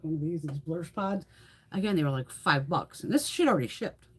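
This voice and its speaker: A woman's voice: low voice, expressive, brisk, a little hiss or hum. A middle-aged woman hosting a beauty livestream, chatting casually with viewers, laughing often and swearing freely.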